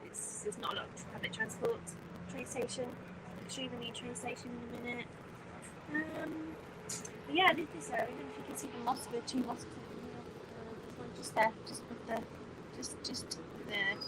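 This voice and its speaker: This English vlogger holds her phone while livestreaming from a bus stuck in traffic, wandering from topic to topic and calling out viewers by name. She speaks at a moderate pace in a fairly high, fairly even voice, with engine rumble and road sounds in the background.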